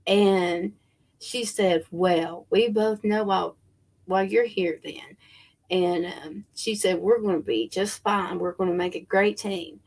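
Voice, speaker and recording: A middle-aged woman with a drawl talks slowly into her phone, full of fillers and false starts. Her voice carries a gravelly creak throughout. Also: mid-range voice, fairly even intonation, a little mellow. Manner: rambling, many fillers and restarts, addresses viewers as y'all. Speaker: spiritual livestream host. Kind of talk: casual chat to viewers.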